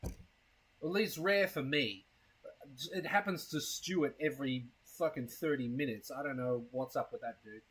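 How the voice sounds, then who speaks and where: Husky, rambling male live streamer. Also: mid-range voice, a little slow, fairly bright tone, low-quality recording. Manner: rambling, crude and self-mocking. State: has hiccups. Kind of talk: casual live-stream chat.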